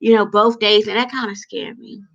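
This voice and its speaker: A woman's voice: medium pitch, fairly even intonation, moderate pace, gravelly, fairly bright tone, muffled recording. A woman in her forties telling a personal story to camera in a chatty, rambling, emotional way with lots of fillers. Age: 40s. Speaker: vlogger.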